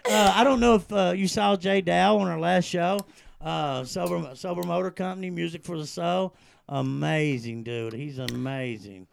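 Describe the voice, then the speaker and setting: A man hosting a casual live show, hyping up his guest and giving loud shout-outs to viewers. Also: on the high side, moderate pace, vocal fry. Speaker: show host.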